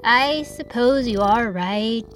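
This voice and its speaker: A woman reading a children's story, voicing the gentle, forgiving Freya in a soft, slow manner over soft music. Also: on the high side.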